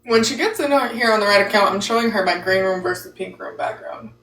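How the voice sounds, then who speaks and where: A woman's voice: medium pitch, quick pace, fairly bright tone. Casual woman streaming from her phone, laughs a lot, roomy echoey sound. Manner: chatty, laughs often, talks while eating. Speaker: live stream host. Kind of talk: casual chat. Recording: roomy echo.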